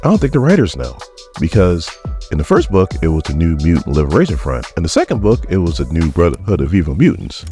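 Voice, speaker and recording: A man's voice: sits low, huge pitch swings, fast talker, mellow, soft background music. A man hosting a casual comic book recap vlog, chatty and jokey, acting out the characters' lines as he goes. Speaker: comic book reviewer and channel host.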